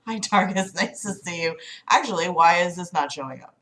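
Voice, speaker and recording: A woman's voice: on the low side, animated, moderate pace, fairly bright tone. A woman hosting a casual livestream, chatting with viewers in an exasperated, apologetic way and swearing often. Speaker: livestream host. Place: home room.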